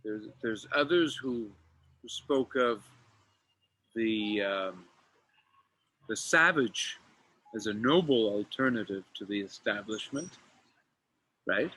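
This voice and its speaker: A man speaking in a measured, hesitant and thoughtful way as a partner in casual conversation. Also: lowish voice, animated, bright, forceful tone, a little hiss or hum.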